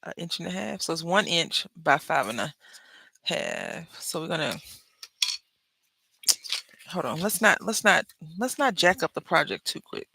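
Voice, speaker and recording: A woman's voice: fairly low pitch, very animated, a little slow, vocal fry, pauses often, pushed and bright, breathy edge, dry recording. A woman hosting a crafting tutorial, chatting casually and rambling into asides to her viewers as she works. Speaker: crafting channel host.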